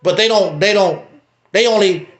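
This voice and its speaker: High, emphatic man preaching on a livestream. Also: moderate pace, roomy sound. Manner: preachy, emphatic, wide swings in pitch. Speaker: livestream host. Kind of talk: casual commentary.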